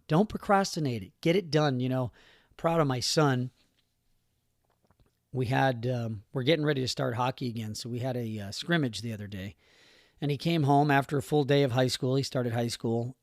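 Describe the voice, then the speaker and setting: A middle-aged man talks through a motivational podcast episode in an earnest, conversational voice that rambles and circles back with fillers. His pitch sits in an ordinary middle range. The sound is dry and close, with almost no room around it. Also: no room sound. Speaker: podcast host.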